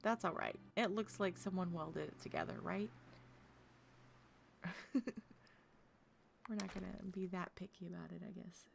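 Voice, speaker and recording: A woman's voice: on the low side, a little slow, vocal fry, long pauses, slight background noise. A woman from Oklahoma streaming a game, chatting casually with her viewers, laughing often and talking earnestly about her feelings. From Tulsa, Oklahoma.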